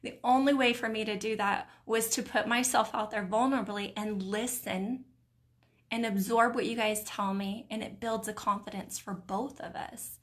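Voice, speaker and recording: A middle-aged woman hosting a live video stream, reading viewers' comments aloud in a warm, encouraging, emotional way. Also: on the high side, steady tone, moderate pace. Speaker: host of a live mindset stream.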